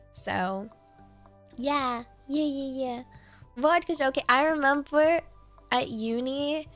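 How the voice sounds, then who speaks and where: A young woman from Britain, a streamer chatting casually in a bubbly, rambling, giggly way. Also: high voice. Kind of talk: casual livestream chat.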